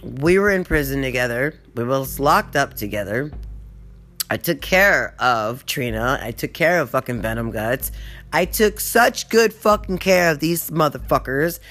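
A woman's voice: extremely low pitch, expressive, a little slow, a bit bright, faint music behind. Profane rambling woman vlogger. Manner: rambling, profane, easily sidetracked. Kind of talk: casual rant storytelling.

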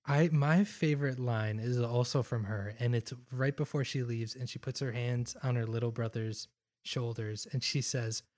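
A young man in casual movie chat, laid-back and making dry quips, often speaking quietly. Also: medium pitch, steady tone, normal speed.

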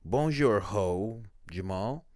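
A man voicing a flustered, sheepish guy caught by his partner, nervously backpedaling in a high voice. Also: lively intonation, takes it slowly, a little mellow, dry recording, clean studio sound.

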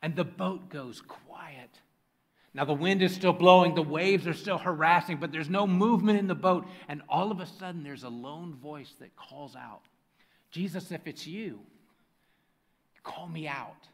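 A man's voice: fairly high pitch, normal speed. A man preaching a sermon as pastor: he reads scripture aloud, then speaks directly to his congregation. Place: church sanctuary with a congregation.

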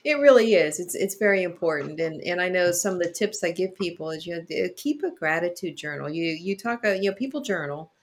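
A woman guest telling lively stories in casual chat, laughing often. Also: fairly low pitch, a little fast, hardly any pauses. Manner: animated storyteller, laughs often.

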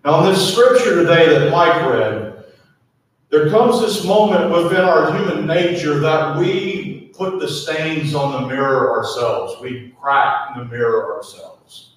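A man's voice: a little high, unhurried. A man preaching a sermon in a church, earnestly asking the congregation to repeat lines to their neighbors. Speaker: pastor. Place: church sanctuary. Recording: echoey sanctuary from far off.

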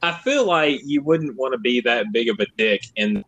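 A chatty man riffing in relaxed podcast banter, often breaking into laughter. His voice sits at an ordinary mid pitch. His delivery is loose and conversational. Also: moderate pace, dry recording, muffled recording. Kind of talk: casual comedic chat.

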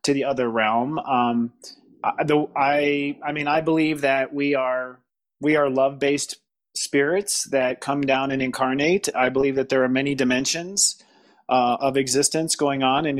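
Man, halting, restarts often, casual conversation, mid-pitched voice. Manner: halting, searching for words, frequent restarts and laughs. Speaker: podcast guest.

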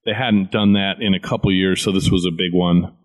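A man with a very deep, low voice talks in a casual chat. He explains things plainly and at a steady pace, adding fillers now and then. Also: a little fast.

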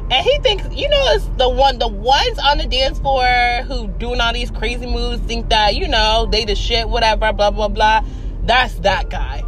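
A woman's voice: on the high side, slight background noise. A young woman casually telling a story, swearing freely and acting out what each person said. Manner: animated, profane, acts out quoted voices.

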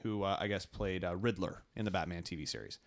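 A man's voice: low-pitched, fast talker, vocal fry. A man co-hosting a casual chat, telling stories in an enthusiastic, rambling way. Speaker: podcast co-host.

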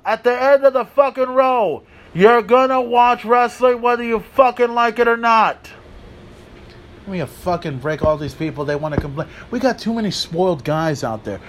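A man with a high voice, hosting a podcast and ranting hard, swearing and hammering each point home. The recording carries a faint layer of background noise. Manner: ranting, profane, emphatic. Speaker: podcast host. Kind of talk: solo wrestling commentary rant.

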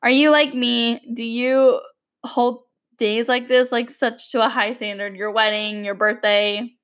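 A woman's voice: on the high side, level tone, a little slow, fairly bright tone. A young adult woman hosting a podcast, telling a story in a chatty, rambling monologue. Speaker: podcast host. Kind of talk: casual monologue.

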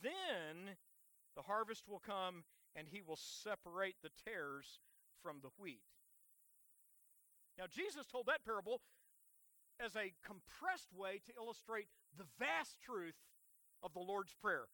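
High, bright-voiced preaching man. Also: very animated, unhurried, pauses often, dry recording. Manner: dynamic preaching, swinging from loud emphasis to soft hushed prayer; leads congregation in responsive reading. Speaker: pastor. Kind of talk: sermon.

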